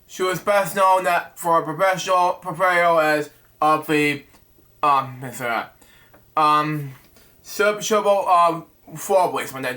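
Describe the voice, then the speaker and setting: A man hosting a web show with a slightly high voice. He reads out news topics in a halting way and trips over names. His tone is bright and sharp. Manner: halting reading with many restarts and fillers.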